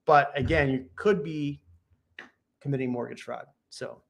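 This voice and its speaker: A man's voice: mid-range voice, a little slow, creaky. A man hosting a casual chat show, giving real estate advice in a laid-back, joking way, thinking aloud and restarting his sentences. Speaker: real estate agent and podcast host.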